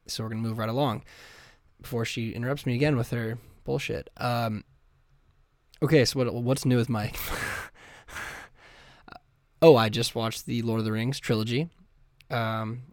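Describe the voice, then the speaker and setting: A man hosting a podcast, rambling through a crude comedic monologue in a deadpan way, with sudden silly voices. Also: medium pitch, dry recording, studio quality. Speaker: podcast host.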